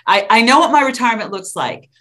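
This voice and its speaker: A woman's voice: fairly high pitch, expressive, quick pace, sharp tone. Candid woman in her fifties, laughing often. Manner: open and frank, laughs often, with some stumbling restarts. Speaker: guest. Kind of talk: candid interview conversation.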